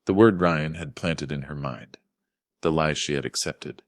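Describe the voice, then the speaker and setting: An older man narrating a scripted first-person story in a measured, grave manner. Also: rumbling low, no echo, studio quality.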